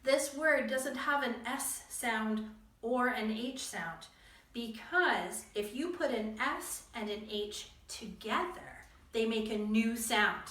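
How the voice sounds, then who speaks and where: A woman's voice: on the high side, slow pace, a bit bright, echoey room, distant mic. A woman teaching young children to read, patient and encouraging, spelling out words letter by letter. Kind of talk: reading lesson for young children.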